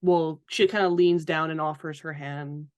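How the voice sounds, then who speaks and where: A tabletop player calmly describing their character's actions. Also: mid-range voice, moderate pace, smooth, no echo. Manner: calm, descriptive.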